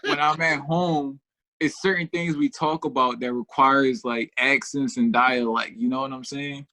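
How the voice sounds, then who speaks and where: A comedian man in casual podcast chat, teasing with quick comebacks. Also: medium pitch, steady tone, sharp tone, rough recording. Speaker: comedian guest.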